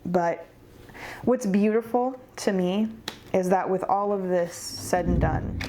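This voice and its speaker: A woman's voice: medium pitch, slow pace, background noise. A woman giving a pick-a-card tarot reading, earnest and encouraging, speaking straight to the viewer. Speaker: tarot reader.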